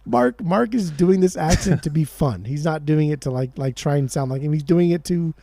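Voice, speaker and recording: A man co-hosting a music podcast, talking excitedly in casual chat and swearing often. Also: a little high, gravelly. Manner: excitable, swears a lot, fast bursts. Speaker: podcast co-host.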